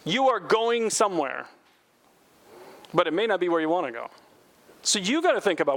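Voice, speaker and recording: A man's voice: a little high, sing-song, a little fast, gravelly, long pauses, dry recording. A man preaching a sermon as a pastor, emphatic, repeating key phrases and asking the congregation rhetorical questions.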